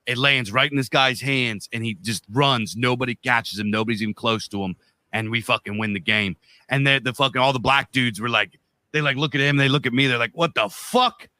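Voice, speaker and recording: A man's voice: medium pitch, steady tone, a little fast, sharp tone, no echo. A man co-hosting a podcast, telling a long story in a loose, profane, rambling way. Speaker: podcast co-host.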